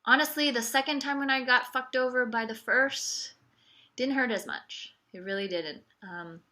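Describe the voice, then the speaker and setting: A woman recounts her own story in a relaxed, confessional style, wry and sarcastic about what happened to her. Her voice sits a bit high and sounds bright and sharp. She keeps dropping in casual fillers and ironic reassurances. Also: normal speed. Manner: candid, wry and sarcastic, repeating 'it's okay' ironically; conversational with frequent 'like' and 'you know'. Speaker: podcast host telling her own story.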